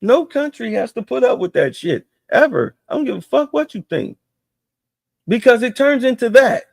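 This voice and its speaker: Gravelly man ranting, profane and heated. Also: extremely high pitch, sing-song, normal speed, a little mellow, dry recording, studio quality. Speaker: streamer. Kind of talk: ranting political commentary.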